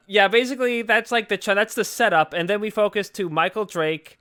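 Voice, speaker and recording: A man's voice: high voice, fairly quick, few pauses, pushed and bright, smooth. A young man co-hosting a casual movie review podcast, rambling and joking with lots of profanity. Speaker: podcast co-host.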